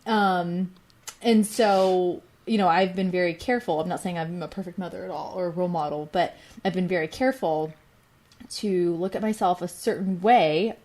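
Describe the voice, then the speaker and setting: A woman's voice: fairly low pitch, brisk, darkish tone. A woman in her thirties, a mother co-hosting a talk show, talking reflectively in casual chat with many "you know" fillers. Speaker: co-host.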